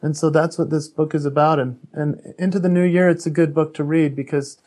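A man's voice: fairly high pitch, fairly even intonation, a little fast, mellow. A man who is an author and speaker, a podcast guest telling a personal story in an earnest, candid way, often restarting his sentences.

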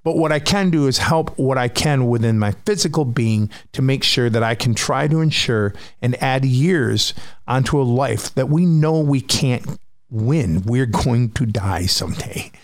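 A man's voice: medium pitch, expressive, a little slow, dry recording. Blunt, profane man podcasting alone. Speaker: podcast host. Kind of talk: personal monologue.

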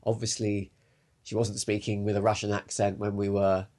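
A man co-hosting a podcast, chatting casually about a TV episode, animated, often restarting his sentences. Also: lowish voice, moderate pace. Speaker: podcast co-host. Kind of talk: casual chat about a TV show.

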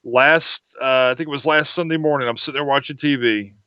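A man who is a podcast guest and tells an anecdote in a lively, casual way. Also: medium pitch, brisk, clean tone, dry recording, highs cut off. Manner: animated anecdote telling. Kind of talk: casual storytelling chat. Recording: crowd chatter behind.

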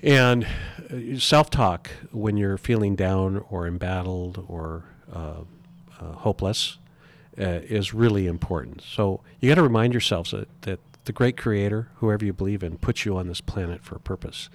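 A middle-aged man speaking earnestly as an interview guest, often stumbling and restarting his sentences. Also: sits low. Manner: earnest, halting with repeated restarts. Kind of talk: reflective interview talk.

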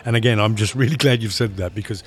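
A lowish male voice belonging to a film director in conversation. He rambles and restarts, stacking repeated words while he gathers his thoughts. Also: quick pace. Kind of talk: interview conversation.

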